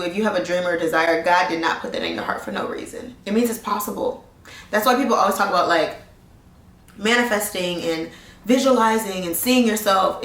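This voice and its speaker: A woman in her thirties talking earnestly in a casual life-update vlog, rambling and restarting her thoughts as she reflects. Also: mid-range voice. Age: 30s. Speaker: vlogger. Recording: roomy sound, distant mic.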